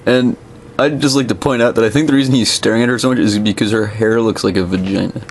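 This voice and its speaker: Low-voiced man rambling about comics. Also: steady tone, fast, a little hiss or hum. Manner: rambling, restarts often, dry asides on comics history. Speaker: co-host. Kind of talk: casual chat.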